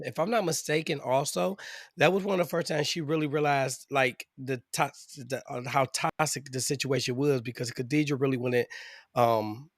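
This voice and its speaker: A man's voice: mid-range voice, no echo. Rambling male podcast host, dry sound. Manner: rambling, full of fillers and restarts. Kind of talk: casual true-crime podcast talk.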